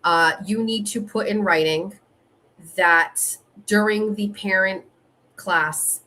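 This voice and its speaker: A woman's voice: mid-range voice, slow pace. A middle-aged woman hosting her own show, telling a story in a casual monologue and acting out both sides of a frustrating phone call. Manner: animated, reenacts phone calls, rising frustration. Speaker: show host.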